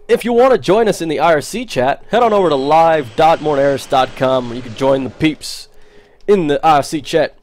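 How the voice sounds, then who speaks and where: A man's voice: on the high side, moderate pace, a little mellow, slight background noise. A man streaming a first-person shooter, joking and talking back to the characters on screen. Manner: jokey, talks to the game characters. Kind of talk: live gameplay commentary.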